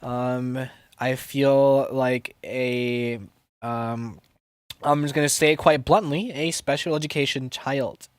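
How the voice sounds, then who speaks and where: This is a young man producing music on a live stream, chatting loosely with his audience. He speaks slowly with medium pitch and fairly even intonation, in a clean tone with no room sound, rambling, swearing, mocking himself and restarting constantly.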